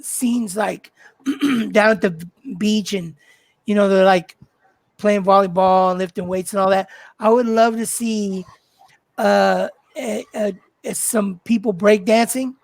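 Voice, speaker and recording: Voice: mid-range voice, dry recording. Brief: livestream co-host, hesitant filler-heavy chat, dry close sound. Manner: halting, searching for words with many fillers.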